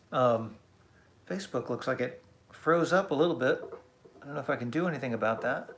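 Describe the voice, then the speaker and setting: A man hosting a casual live stream, chatty and self-deprecating as he reads out comments. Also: a little high. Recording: echoey room.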